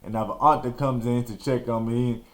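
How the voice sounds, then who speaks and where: Animated, slangy male storyteller. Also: mid-range voice, a little fast. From Texas. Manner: animated, slangy, acts out scenes. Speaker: podcast host. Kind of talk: storytelling monologue.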